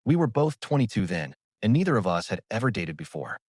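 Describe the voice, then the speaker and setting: A man's voice: on the low side, very animated, brisk, no room sound, clean studio sound. Teasing young woman, voiced by a man. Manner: sweet and playful.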